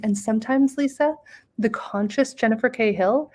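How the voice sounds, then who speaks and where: A middle-aged woman speaks as a guest in a motivational interview. Her voice sits at an ordinary pitch, and her delivery is enthusiastic and expressive, with frequent laughter. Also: moderate pace.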